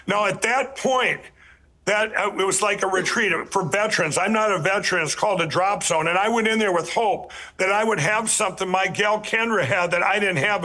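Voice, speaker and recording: A man's voice: high-pitched, bright, forceful tone, slight background noise. A man telling his life story as a podcast guest, earnest and emphatic, rambling with many restarts and repeated words. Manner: earnest, emphatic storyteller who addresses listeners directly.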